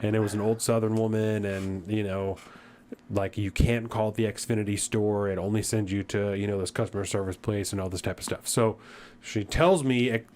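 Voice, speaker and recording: A man's voice: lowish voice, normal speed, slight background noise. A man on a podcast retelling a frustrating customer service visit in casual chat, acting out both sides and swearing as he gets worked up. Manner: animated retelling that grows into irritated ranting; swears freely. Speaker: podcast co-host.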